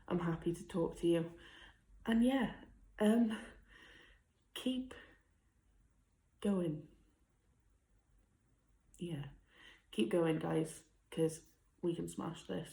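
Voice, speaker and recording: A woman's voice: on the low side, takes it slowly, vocal fry, pauses often. Emotional young woman in echoey room. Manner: heartfelt, tearful, laughing softly. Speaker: vlogger. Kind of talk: emotional personal vlog.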